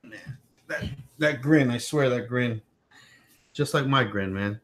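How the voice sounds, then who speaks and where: A man chatting casually on a home livestream, his voice sitting at an ordinary middle pitch. He rambles, circles back over the same points and keeps turning aside to coax his little boy. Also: slow, a bit bright. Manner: rambling, repeats himself, talks to his small son on stream. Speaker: tech channel host.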